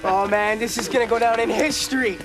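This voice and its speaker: A young actor playing a brash, teasing teenage prankster. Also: male voice, high-pitched, steady tone, fairly quick, rough recording. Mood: cocky. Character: cocky teen prankster boy.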